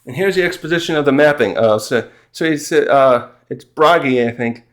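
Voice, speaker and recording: A manga reviewer, a man with a mid-range voice, goes over a chapter in casual chat. He rambles and pauses, laughs a lot, and plays out the characters' lines himself.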